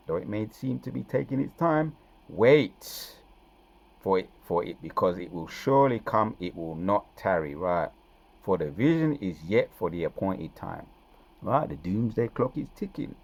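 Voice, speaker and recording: Gravelly low-voiced man preaching scripture. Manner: reads verses slowly then comments with frequent "right?" and "man". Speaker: scripture teacher.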